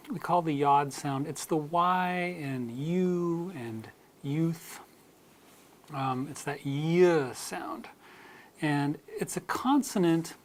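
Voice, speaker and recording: A teacher with an American accent giving a slide-based pronunciation lesson, modelling example words one at a time and softly whispering some of them. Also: mid-range voice, a little hiss or hum.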